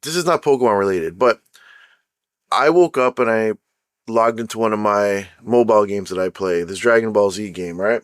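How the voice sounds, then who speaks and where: A man's voice: lowish voice, moderate pace, no echo, clean studio sound. A young man from Canada with a Canadian accent, hosting his own show and telling a personal story in a loose, chatty way, often checking in with "right?". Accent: Canadian English. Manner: chatty, keeps asking "right?"; laughs at his own jokes. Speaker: podcast host. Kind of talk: casual storytelling monologue.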